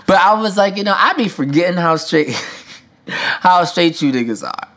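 A man's voice: sits high, lively intonation, a little slow, fairly bright tone. A man hosting a podcast, talking through his feelings in a candid, emotional solo monologue, swearing freely with casual slang and lots of fillers. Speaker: podcast host.

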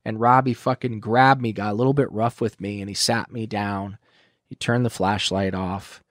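A man in his thirties, a podcast guest, telling a story in casual chat, swearing often and acting out quotes loudly. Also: fairly low pitch, fairly even intonation, moderate pace, no echo, clean studio sound.

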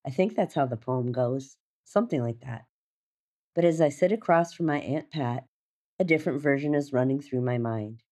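Low-voiced woman reading a reflective essay. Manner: reflective, measured, gently wry. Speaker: narrator.

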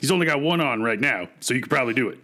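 A man voicing a laid-back male sky god who reassures in relaxed slang. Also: medium pitch, racing. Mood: reassuring.

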